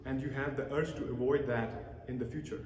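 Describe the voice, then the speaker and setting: A man's voice: medium pitch, brisk, slight background noise. A man giving a talk on emotions to an audience, telling stories and acting out the quoted voices of the people in them. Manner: acts out quoted voices, animated storytelling. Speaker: lecturer. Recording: echoey hall with long reverb.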